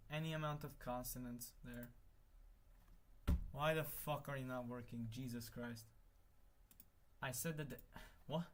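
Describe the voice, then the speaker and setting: A young man talks slowly to himself as he works through a problem on stream, half-muttering and cursing under his breath when something fails. Faint keyboard clicks and typing sit low behind his voice. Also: a bit bright, a little hiss or hum. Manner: thinks aloud, mutters, swears, exasperated then laughing. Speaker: conlang streamer. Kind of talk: casual live-stream muttering while working.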